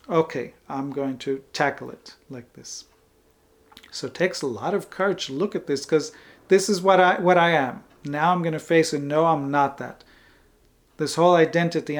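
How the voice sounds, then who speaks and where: A man giving an earnest, emphatic spiritual talk as a teacher. He repeats phrases for emphasis, restarts often and laughs softly now and then. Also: fairly high pitch.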